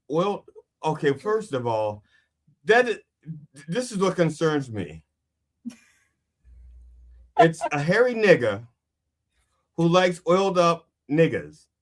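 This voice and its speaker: Guy comic rambling on a podcast, lotta "you know", kinda high voice. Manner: rambling riffs full of restarts and "you know". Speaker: guest comedian. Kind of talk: casual comedy podcast chat.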